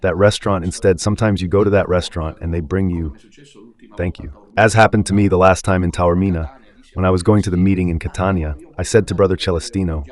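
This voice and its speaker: A man's voice: low voice, steady tone, a little fast. A man giving a rambling spoken commentary on Catholic radio, full of rhetorical questions.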